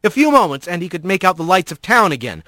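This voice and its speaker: A man's voice: high-pitched, very animated, fast talker, pushed and bright, no room sound. A man narrating a scripted storybook adventure with a vivid, varied reading.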